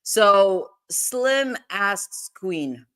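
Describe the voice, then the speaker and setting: A woman's voice: medium pitch, lively intonation, drawn-out words, fairly bright tone, clean tone. A woman hosting a legal commentary livestream, rambling and digressive in casual talk, breaking into laughs often.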